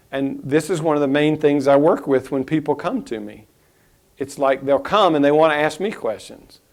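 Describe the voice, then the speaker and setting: A man teaching a spiritual lesson in a reflective, unhurried way, pausing and restarting his thoughts. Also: mid-range voice, a little mellow.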